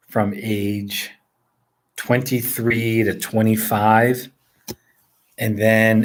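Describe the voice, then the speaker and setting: A man in his forties from northern New Jersey, chatting casually and rambling with viewers, chuckling often as he answers their questions. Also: lowish voice. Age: 40s. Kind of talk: casual live chat. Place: indoors at home.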